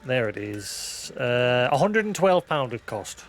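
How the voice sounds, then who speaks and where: A man's voice: mid-range voice, sing-song, slow, slight background noise. A man who hosts a live stream, chatting casually, rambling and self-deprecating, thinking aloud with many restarts. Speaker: livestream host.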